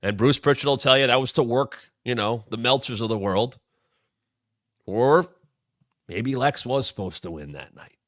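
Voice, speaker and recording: A man's voice: mid-range voice, expressive, normal speed, fairly bright tone, no echo, clean studio sound. A man in his thirties hosting a wrestling show, telling a storyline history in an enthusiastic, casual way with sudden bursts. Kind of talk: casual retrospective commentary.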